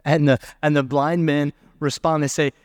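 A male pastor preaching a sermon in a conversational way, reading scripture aloud with pauses. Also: on the high side, little pitch movement, smooth, no room sound, studio quality.

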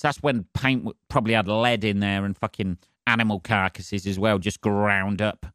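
A man hosting his own podcast from his flat, rambling in a sweary, sarcastic way. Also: fairly low pitch, normal speed, hardly any pauses, clear, resonant tone, no echo, studio quality. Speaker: podcast host. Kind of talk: solo podcast rant. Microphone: decent studio mic.

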